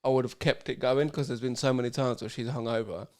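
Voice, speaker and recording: A man's voice: medium pitch, fairly even intonation, quick pace. A young man co-hosting a podcast, telling rambling, sweary stories in casual banter and laughing often. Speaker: podcast co-host.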